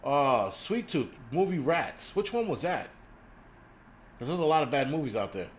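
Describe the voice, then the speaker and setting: A man's voice: on the high side, normal speed, slight background noise. Profane man ranting on a live stream. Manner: profane, animated ranting with frequent fillers. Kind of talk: casual live stream rant.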